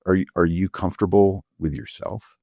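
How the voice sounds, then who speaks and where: A middle-aged man with a very low voice talks earnestly, pausing often and hunting for the right words as he reflects. He sounds close to the mic in a dry, dead room with no echo. His tone can turn quietly emotional. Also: fairly even intonation. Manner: halting, searching for words, many fillers. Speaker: physician guest. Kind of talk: reflective interview conversation.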